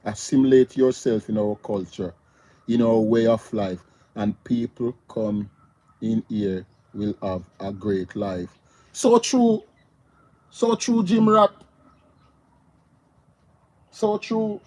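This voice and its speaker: A man's voice: on the low side, expressive, slow pace, long pauses, a little mellow. A man talking casually and animatedly on a live stream, repeating himself and greeting viewers in the chat.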